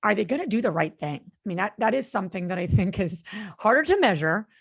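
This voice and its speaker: An earnest woman co-hosting a podcast, talking through a story in a loose, conversational way. Her voice has a gravelly fry, and she often pauses with fillers and restarts her sentences. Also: medium pitch, very animated. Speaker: podcast co-host and real estate investor.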